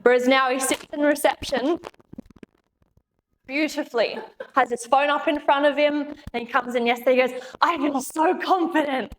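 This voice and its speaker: A woman's voice: high-pitched, fairly even intonation, normal speed, pauses often. Upbeat woman chiropractor in an echoey room. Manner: upbeat, chatty, laughs often. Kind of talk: live presentation with slides. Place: room with an audience. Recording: echoey room, faint background noise.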